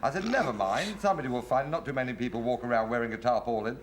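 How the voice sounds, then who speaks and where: A man's voice: medium pitch, racing. A man, a comedian, telling jokes in a chatty, rambling way with restarts. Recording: noisy 1970s TV studio recording.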